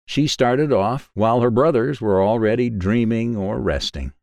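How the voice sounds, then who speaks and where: A man narrating a children's fairy tale in a measured, expressive way. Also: mid-range voice, vocal fry, no room sound, clean studio sound. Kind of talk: storybook narration.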